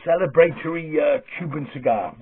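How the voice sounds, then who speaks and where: A man playing a smug male TV host gloating quietly off-air, a bit lower than his own voice. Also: moderate pace, background noise, lightly acted. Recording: lo-fi phone-like sound.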